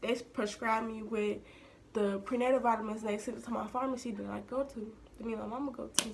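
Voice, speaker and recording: A young woman recounts a personal story straight to her viewers in a loose, chatty way. Her voice sits a little high and has a gravelly fry running through it. Now and then she sinks into a hushed aside, with faint noise behind her. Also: little pitch movement, brisk. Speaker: vlogger.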